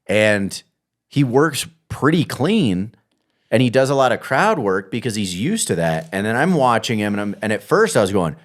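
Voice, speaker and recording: A man co-hosting a podcast, joking in quick casual back-and-forth. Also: fairly low pitch, sing-song. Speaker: podcast co-host, comedian. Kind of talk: casual chat.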